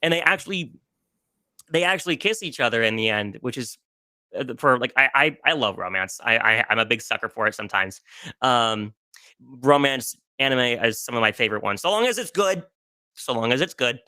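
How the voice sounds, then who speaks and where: Bright-voiced man gushing over games. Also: mid-range voice, a little fast, no echo. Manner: gushing, emotional, restarts often. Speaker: podcast guest. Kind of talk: casual podcast chat about video games.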